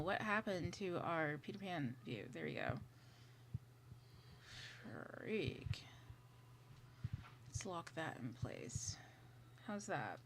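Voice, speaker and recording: A woman hosting a casual livestream, chatting and thinking aloud while fixing her setup, sometimes whispering asides to herself. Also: mid-range voice. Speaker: livestream host. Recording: audible clicking noise.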